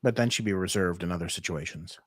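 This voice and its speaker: A man's voice: deep voice, quick pace, fairly bright tone, slightly rough, no echo, clean studio sound. A man in his thirties co-hosting a podcast, blunt and joking in casual profane chat. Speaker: podcast co-host.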